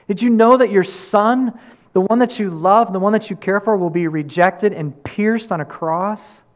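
A man preaching a sermon as pastor, earnest, repeating key phrases and rising and falling for emphasis. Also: sits high.

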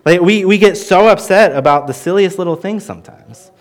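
A man's voice: sits high, brisk. Earnest male Bible teacher preaching. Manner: earnest, lively emphasis with frequent restarts. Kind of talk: expository sermon.

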